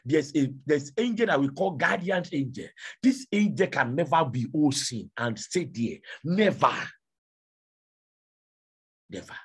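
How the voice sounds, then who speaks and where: A male preacher delivering a sermon, repeating rhetorical questions with a raspy voice. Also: fairly high pitch, very animated, normal speed, hardly any pauses.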